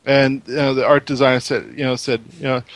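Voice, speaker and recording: A man's voice: medium pitch, steady tone, brisk, dry recording. Rambling man in casual chat. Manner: rambling, many restarts and "you know"s.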